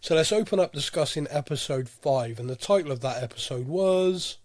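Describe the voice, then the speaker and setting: Talking a little fast in an animated, fairly high voice with a darkish tone, a man hosts a podcast with no room sound. He rambles chattily with fillers, a head cold making him slightly nasal.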